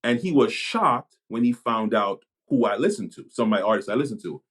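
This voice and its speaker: A Jamaica-born man, a pastor and police chaplain, talking things through in a podcast conversation, pausing and restarting his sentences as he thinks. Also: mid-range voice, lively intonation, fairly bright tone, breathy edge. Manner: reflective, halting, many restarts.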